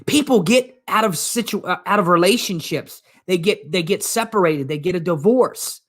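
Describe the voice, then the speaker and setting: A man's voice: high voice, moderate pace, fairly bright tone. A man coaching his audience in an earnest, emphatic live talk, often repeating his phrases for effect. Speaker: motivational coach. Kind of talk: live-streamed motivational talk.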